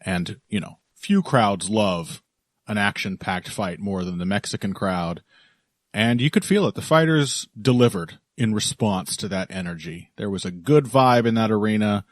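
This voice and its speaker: A man hosting a podcast in relaxed, chatty talk, laughing often. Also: lowish voice, normal speed, no echo, clean studio sound. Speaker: podcast host. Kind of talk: casual podcast chat.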